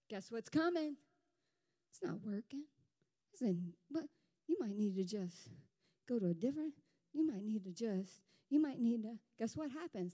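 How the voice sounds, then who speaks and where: A woman pastor preaching a sermon in a lively, conversational way, full of rhetorical questions. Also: high-pitched. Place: church sanctuary.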